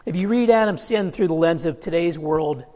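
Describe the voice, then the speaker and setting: A man's voice: fairly high pitch, moderate pace, dark tone, in a large hall. A man preaching a sermon, earnest and emphatic, quoting scripture as he goes.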